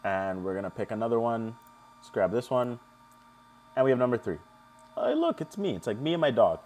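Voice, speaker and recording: A young man hosting a live stream, chatting casually and joking with viewers as he walks through a software tutorial. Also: medium pitch, big pitch swings, brisk, slight background noise. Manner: chatty, jokey, talks to chat viewers.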